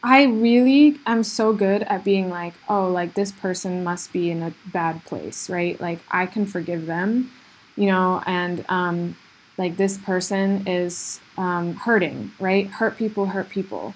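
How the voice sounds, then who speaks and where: A woman's voice: on the low side, unhurried, a little hiss or hum. A woman host talking alone on her podcast in an earnest, self-reflective way, with lots of "like" and "you know" fillers. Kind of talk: solo reflective podcast monologue.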